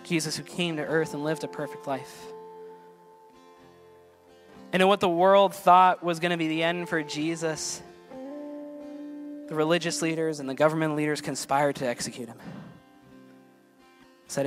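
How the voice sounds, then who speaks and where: An earnest male pastor delivering a sermon, his voice sitting a little higher than most men's. He climbs to emphatic peaks and then falls back soft and slow. A faint band plays quietly behind him. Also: soft background music.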